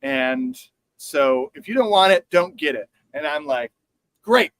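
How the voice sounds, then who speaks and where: A man co-hosting a casual chat show, animated and sarcastic, swearing freely. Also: a little high, a little slow, no echo, low-quality recording. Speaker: podcast co-host.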